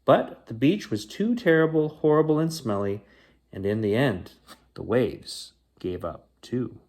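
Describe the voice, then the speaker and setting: Slow, expressive male storyteller. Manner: slow, expressive reading with lively pitch. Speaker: storyteller reading a picture book aloud. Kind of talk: bedtime story reading.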